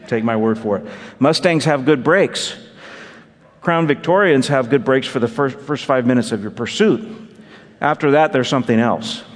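Pastor guy telling a story at church, a bit high voice, wry little asides, big hall echo. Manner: storytelling, self-deprecating humor, asides to congregation. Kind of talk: sermon with personal story.

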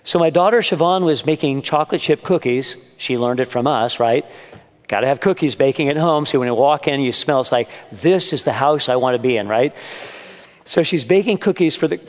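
An older man delivers a sermon to a men's gathering in a church meeting room, earnest but mixing in humorous family stories. His voice sits on the high side and moves a little fast, with long hall reverb on the recording.

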